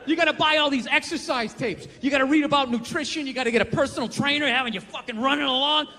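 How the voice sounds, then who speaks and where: Male stand-up comic, profane ranter, high and sharp, shouts his punchlines, live stage reverb. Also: fast talker. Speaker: stand-up comedian. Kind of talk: stand-up comedy routine.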